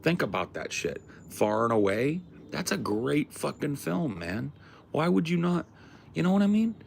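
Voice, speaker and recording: A man's voice: fairly high pitch, sing-song, moderate pace, creaky, a little hiss or hum. A man hosting a livestream, chatting casually with his viewers in a rambling, slangy way with plenty of swearing. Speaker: livestream host. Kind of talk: casual chat with a live chat.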